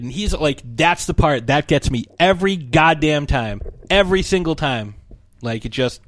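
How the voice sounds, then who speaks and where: A man co-hosting a podcast, retelling a movie scene in a casual, animated way with some swearing. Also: fairly high pitch, normal speed, no echo, clean studio sound. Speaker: podcast co-host.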